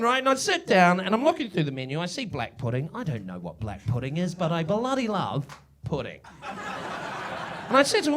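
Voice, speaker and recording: Brief: New Zealand man on a pub stage mic, high and lively, crude punchlines. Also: brisk, slight background noise. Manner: animated, crude, swings into loud shouted punchlines. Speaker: stand-up comedian. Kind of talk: live stand-up set. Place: live show in a village pub.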